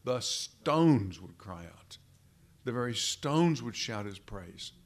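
A man preaching a sermon, slow and deliberate, repeating phrases for emphasis and addressing the congregation as brethren. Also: medium pitch, lively intonation. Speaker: pastor.

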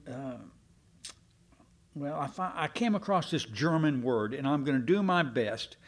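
A man preaching a sermon, folksy and self-deprecating with his congregation. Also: mid-range voice. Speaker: pastor.

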